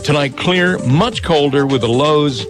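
A man's voice: a little high, loud music behind the voice. A man hosting a morning radio show, reading the weather and bantering easily with a guest. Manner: easygoing, quick agreeing banter.

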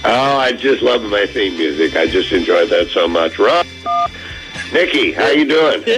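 A man phoning in to a radio show as the word-of-the-day guest, teasing and animated, spelling words out slowly. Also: on the low side, over music, rough recording. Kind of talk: playful phoned-in radio segment.

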